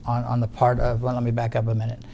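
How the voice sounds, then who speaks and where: A man's voice: medium pitch, completely flat delivery, fast talker, vocal fry, mellow, slight background noise. A middle-aged man giving deposition testimony, guarded and insistent, often restarting his sentences. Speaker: witness in a legal deposition.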